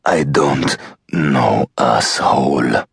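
A man voicing a defiant, foul-mouthed male ambassador held captive, speaking low and strained. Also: extremely slow, vocal fry, breathy edge, no room sound, studio quality, heavily acted.

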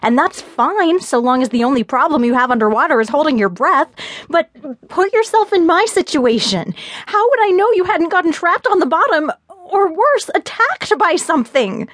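A woman narrator voicing a young woman, shrieking and shouting in anger and fright, read in an audiobook. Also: very animated, normal speed, no echo, full character voice. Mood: angry. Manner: shrill, screaming. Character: furious young woman, frightened then raging. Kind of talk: audiobook character dialogue.

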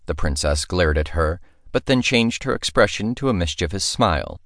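A man narrating a fantasy audiobook in a measured storytelling manner, recorded in a studio. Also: sits low, very animated, a bit bright, dry recording.

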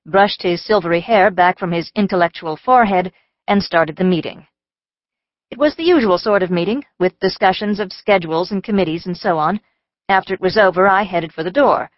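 A woman's voice: on the low side, no room sound. Woman audiobook narrator, wry first-person storytelling, dry close sound, slightly dull audio.

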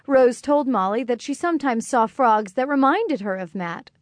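Woman narrator for a kids' story, gentle and clear, a bit high, close dry studio sound. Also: moderate pace, no echo. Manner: gentle, clear, expressive reading. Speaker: audiobook narrator.

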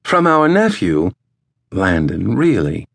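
A man voicing a teasing adult sister, raising his voice high for her in an audiobook. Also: wildly swooping pitch, slow, gravelly, a bit bright, dry recording, clean studio sound, full character voice. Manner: teasing, amused.

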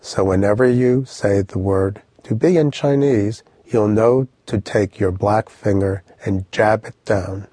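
Male language tutor for an audio course: low, slightly husky, animated explainer, dry studio. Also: a little slow, hardly any pauses, no room sound. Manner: lively, vivid storytelling with instructions. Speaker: language teacher.

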